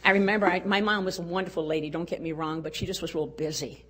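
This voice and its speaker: Older lady with a husky, low-ish voice telling a heartfelt story to a room, goes quiet at the tender bits. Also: steady tone, quick pace. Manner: earnest, personal, drops to a hush at tender moments. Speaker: speaker at a women's conference. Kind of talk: storytelling talk.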